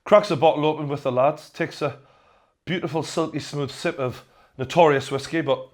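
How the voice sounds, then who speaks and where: A young Geordie man with a slightly high voice hosts a comic news rundown. He talks with sarcasm and hammers home deadpan running gags. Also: normal speed. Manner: sarcastic, repeats punchlines deadpan. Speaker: host. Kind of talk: comedic news rant.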